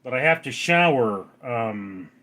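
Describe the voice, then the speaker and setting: A man's voice: medium pitch, expressive, a little slow, sharp tone. A man from Los Angeles hosting a casual late-night livestream, rambling as he reads out and answers viewer comments. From Los Angeles, California. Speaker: livestream host reading chat. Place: outdoors at night.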